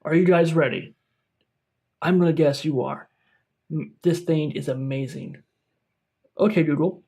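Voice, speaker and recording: A man's voice: fairly high pitch, fairly even intonation, unhurried, pauses often, a little mellow, husky. A young man hosting a mock product review, gushing with over-dramatic enthusiasm. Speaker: tech YouTuber.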